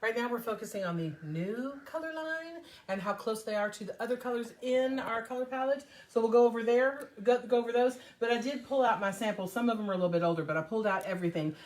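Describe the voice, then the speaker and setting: A middle-aged woman hosting a casual live stream, chatty and upbeat, a little hoarse while getting over an illness. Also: a little high, quick pace, hardly any pauses, darkish tone. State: recovering from covid, slightly hoarse. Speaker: host of a live paint demo.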